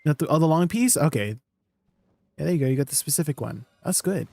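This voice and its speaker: A man's voice: a little high, lively intonation, quick pace, vocal fry, darkish tone. A young man from Canada with a Canadian accent, chatting casually and playfully with his viewers during a live gaming stream, asking them questions. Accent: Canadian English.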